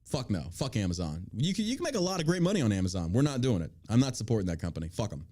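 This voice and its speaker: Man, podcast host, heated profane rant, pitch swinging all over, casual studio chat. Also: sing-song, racing, dark tone. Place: small studio.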